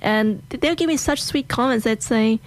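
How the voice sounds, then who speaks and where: A woman's voice: on the high side, brisk. Chatty Australian woman host. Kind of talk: casual interview chat.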